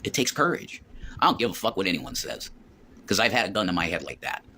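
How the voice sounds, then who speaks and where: A man's voice: sits low, sing-song, fast, sharp tone. Agitated, profane man with faint background noise. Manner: profane, agitated, repeating himself. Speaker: streamer telling a story. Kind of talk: emotional storytelling on a stream.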